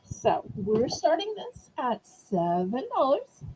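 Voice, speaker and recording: A woman's voice: high voice, very animated, slow pace, a little mellow, slight background noise, low-quality recording. A woman with a Southern American accent hosting a live online auction, chatting with viewers in a bubbly way while she shows items and sets starting bids. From Southern United States. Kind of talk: live-stream auction chat.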